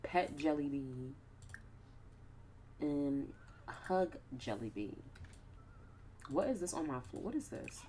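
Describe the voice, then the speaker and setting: A woman's voice: sits low, animated, slow pace, pauses often, warm tone, slight background noise. A young woman casually commenting on her life-sim gameplay with playful, slangy asides. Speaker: gaming YouTuber.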